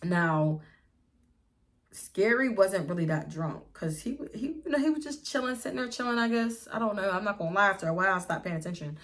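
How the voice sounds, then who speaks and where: A woman's voice: medium pitch, brisk. A young woman in a casual storytime vlog, chatting to viewers at home and calling them y'all. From Pittsburgh area, US. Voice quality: lively, swears freely, addresses viewers as y'all. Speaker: vlogger.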